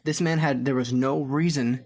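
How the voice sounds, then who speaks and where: A man's voice: mid-range voice, steady tone, moderate pace, darkish tone. A young man, co-hosting a podcast and telling a rambling, laugh-filled story. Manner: rambling, laughing often, many restarts. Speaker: podcast co-host. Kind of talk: casual storytelling chat.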